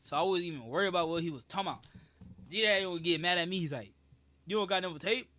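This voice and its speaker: A young man telling a story in a casual, animated and profane way, swearing for emphasis. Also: a little high, very fast. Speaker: streamer.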